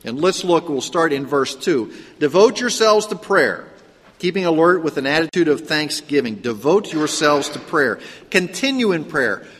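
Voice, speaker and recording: A pastor with a faint Pittsburgh accent gives a sermon in a church sanctuary. His voice sits a little high for a man, and he talks in an easy, conversational way, asking his listeners question after question. A long reverb from the hall trails after each phrase. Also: animated, moderate pace, fairly bright tone, slightly rough. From Pittsburgh, Pennsylvania. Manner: conversational preaching, frequent rhetorical questions and restarts.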